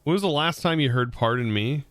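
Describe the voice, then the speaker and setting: A man with a medium-pitched voice and lively intonation talks a little fast, with no room sound. It's casual live-stream chat: he plays a modded building game, rambles about words, and talks to his viewers between game tasks.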